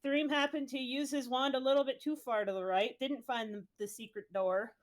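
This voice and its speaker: A woman's voice: high-pitched, fairly even intonation, normal speed. A woman streamer casually recapping a tabletop game session, swearing freely as she tells it. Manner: profane, breezy storytelling.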